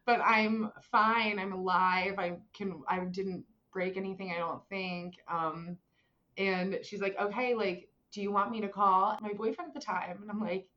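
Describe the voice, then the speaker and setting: Young woman, casual animated storyteller with lots of "like"s, slightly muffled recording. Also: medium pitch, unhurried. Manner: animated, many fillers, acts out voices in quotes. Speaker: guest telling a personal story.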